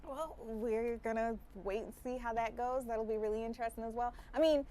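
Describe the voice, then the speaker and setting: A woman news anchor leads a live local broadcast. Her voice sits on the higher side, and her delivery is chatty and upbeat. She passes easily between banter and the next segment. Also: steady tone, a little fast, mellow. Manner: conversational and upbeat.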